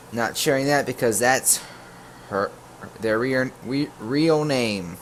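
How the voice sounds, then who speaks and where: A man casually telling a storytime tale to his viewers, full of jokey asides and quick self-corrections. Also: mid-range voice, background noise. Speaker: YouTube storyteller.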